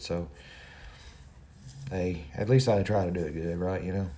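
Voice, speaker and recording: A man's voice: low-pitched, fairly even intonation, moderate pace, pauses often, mellow. A middle-aged man from Kentucky with a Kentucky accent, chatting casually with viewers on his livestream in a folksy way. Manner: folksy, talks to viewers directly. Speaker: livestream host.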